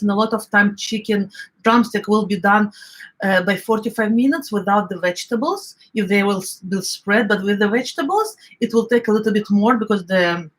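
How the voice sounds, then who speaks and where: A middle-aged woman with an Eastern European accent, chatting casually as she cooks, often searching for words and filling pauses. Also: medium pitch, a bit bright, rough recording. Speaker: home cook. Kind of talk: casual cooking vlog chat.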